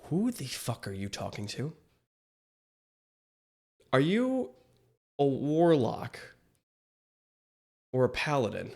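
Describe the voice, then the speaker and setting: A man giving casual reaction commentary on an animated show, rambling, swearing freely and asking many questions. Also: medium pitch, takes it slowly, creaky, pauses often. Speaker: reaction video host.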